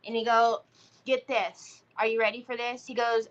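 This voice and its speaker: A woman's voice: fairly high pitch, little pitch movement, normal speed, a bit bright, dull audio. A middle-aged woman, chatting and telling stories to viewers while crafting on a live stream. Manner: chatty storytelling, talks to viewers. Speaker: craft livestream host. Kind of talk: casual chat while crafting.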